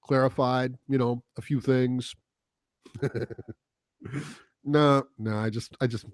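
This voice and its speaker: A man talking on his own podcast in a loose, rambling way, swearing freely and chuckling between thoughts. His voice sits at an ordinary middle pitch. The sound is close and dry. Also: fairly even intonation, slow, clean tone, no echo. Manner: rambling, profane, chuckles often. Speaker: podcast host. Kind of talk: casual solo podcast monologue.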